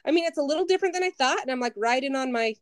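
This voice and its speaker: Animated woman telling stories, dry sound. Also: sits high, racing, dry recording. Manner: animated, self-mocking, acts out her own past lines. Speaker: podcast guest. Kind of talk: casual storytelling chat.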